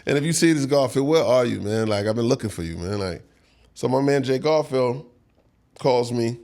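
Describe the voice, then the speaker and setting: A middle-aged man tells a story in a casual interview. His pitch sits in the middle range, and he laughs often and acts out what other people said. He talks loose and easy, like he is reliving the moment. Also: moderate pace, a little mellow. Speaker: songwriter guest.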